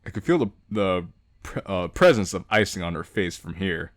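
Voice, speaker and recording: Young male gaming host, animated, jokey readthrough with frequent laughter. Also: sits low, moderate pace, no echo, studio quality. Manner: animated, laughs often, reads and jokes. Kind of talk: casual let's-play narration of a visual novel.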